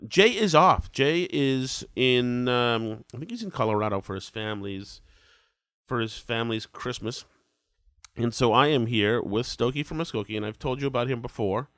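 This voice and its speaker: A man's voice: mid-range voice, fairly bright tone, clean tone, dry recording. A man in his forties hosting a casual podcast, rambling and self-deprecating, with a head cold that makes him sound congested. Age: 40s. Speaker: podcast host.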